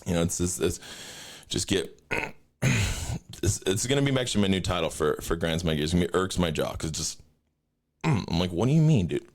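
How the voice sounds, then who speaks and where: A young man hosting a podcast, telling a profane story in a loose, ranting way and jumping up high when he quotes himself. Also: brisk, pauses often. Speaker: podcast host. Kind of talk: casual rant.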